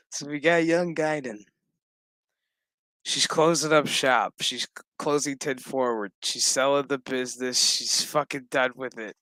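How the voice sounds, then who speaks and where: A man's voice: mid-range voice, fairly even intonation, slow, pauses often, pushed and bright, no room sound. A man giving a casual, profane recap of a TV episode, laughing often as he tells it loosely. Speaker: show recap host.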